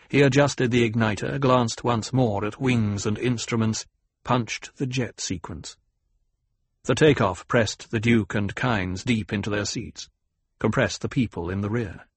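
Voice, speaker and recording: A man narrating a novel in a measured, even storytelling manner. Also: mid-range voice, breathy edge, dry recording. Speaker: audiobook narrator. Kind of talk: scripted narration.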